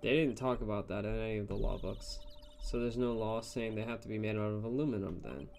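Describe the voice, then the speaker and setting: A man's voice: on the low side, steady tone, a little fast, vocal fry, darkish tone, slight background noise. A man voicing a chatty, curious young woman sidekick with a playful, rambling manner. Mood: musing.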